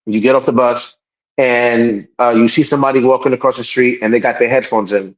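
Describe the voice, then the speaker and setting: A man's voice: mid-range voice, steady tone, fairly quick, low-quality recording. A man co-hosting a podcast in casual chat, talking emphatically, repeating himself and restarting his sentences. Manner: acts out quoted people in raised voices. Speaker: podcast co-host.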